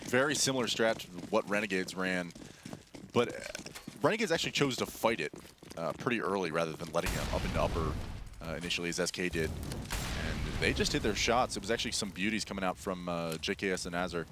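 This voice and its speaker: A low-voiced man commentates a live esports game quickly through a headset, thinking aloud with many fillers and some hesitation. Gunfire from the match can be heard behind his analysis.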